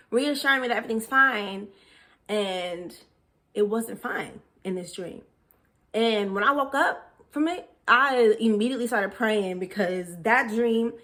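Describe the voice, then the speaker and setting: A woman's voice: mid-range voice, a bit bright. Young woman vlogging a personal story, candid and emotional, acts out the quotes. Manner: candid and emotional, quoting others with shifts in voice.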